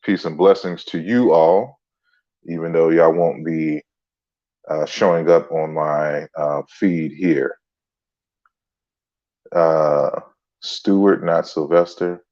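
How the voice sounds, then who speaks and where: A man hosting a relaxed livestream lecture, greeting viewers by name as he talks. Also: extremely low pitch, takes it slowly, pauses often, muffled recording. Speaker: livestream host and author. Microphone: computer mic on a stand.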